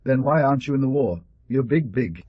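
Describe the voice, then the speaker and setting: A man's voice: medium pitch, expressive, a little fast, husky, no echo, pitched above the performer's own voice. A man voicing an anxious, curious six-year-old boy who keeps asking questions in a childlike way that borders on tears. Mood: eager questioning. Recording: dull, dry lo-fi recording.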